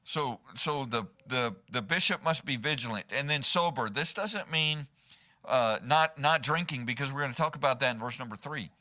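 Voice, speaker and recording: A man's voice: medium pitch, normal speed, bright, forceful tone. A man preaching a sermon as pastor in a church, conversational and often asking the congregation "right?". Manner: conversational, peppered with rhetorical "right?". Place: church sanctuary.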